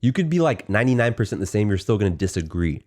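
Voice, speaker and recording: Deep-voiced laid-back man. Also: very animated, quick pace, a little mellow. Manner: laid-back, explains things step by step. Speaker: podcast co-host. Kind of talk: casual chat. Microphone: podcast mic with headphones.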